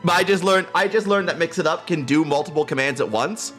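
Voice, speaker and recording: A giggly, playful man chatting through a live stream, his voice pitched a little high. He talks into a close desk mic at home while quiet music plays underneath. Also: fairly quick. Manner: giggly, playful, keeps breaking into laughter. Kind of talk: casual live-stream chat. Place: home room.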